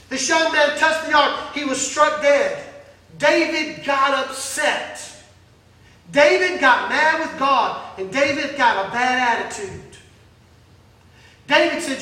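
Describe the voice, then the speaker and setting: A man pastor preaching a fiery sermon in a church, swinging between shouts and hushed asides. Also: very high-pitched, unhurried. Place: church hall. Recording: very echoey hall, mic at a distance.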